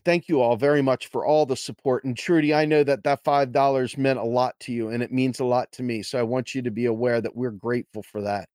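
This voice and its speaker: A middle-aged man hosting a casual livestream, talking in an animated, playful, self-mocking way. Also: medium pitch, no room sound, studio quality. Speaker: podcast host.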